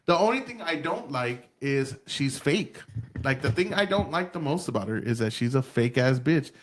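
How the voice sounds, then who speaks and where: A man's voice: mid-range voice, animated, moderate pace. A man from Texas hosting a podcast, talking bluntly and profanely in casual chat, laughing often. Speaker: podcast host.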